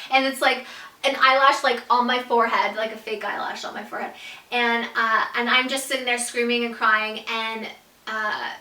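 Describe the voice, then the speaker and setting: A young woman vlogger telling a storytime story, animated and casual, with lots of "like" and some swearing. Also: on the high side, roomy sound, far from the mic. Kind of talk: storytime vlog.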